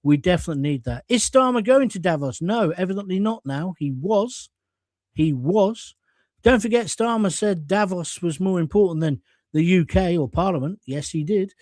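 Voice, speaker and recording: A middle-aged English man hosts a casual live stream, reading viewer comments aloud and answering them bluntly. He swears freely and speaks in a fairly high voice, recorded close on a dry mic. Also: lively intonation, normal speed, darkish tone, no room sound.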